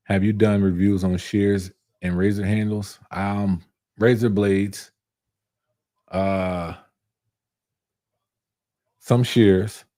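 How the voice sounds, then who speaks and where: A man's voice: lowish voice, steady tone, extremely slow, pauses often, dark tone, dry recording, clean studio sound. A young man who reviews barber tools, chatting casually on a live stream, reading viewer comments and answering in a laid-back, slangy way that repeats itself.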